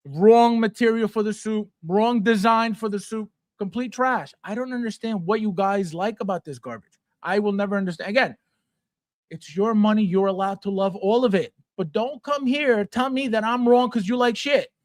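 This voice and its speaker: A man's voice: high voice, normal speed, dry recording, clean studio sound. A man hosting a collectibles channel, ranting bluntly and scornfully about a figure, profane and sarcastic. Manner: repetitive, sarcastic jabs at viewers.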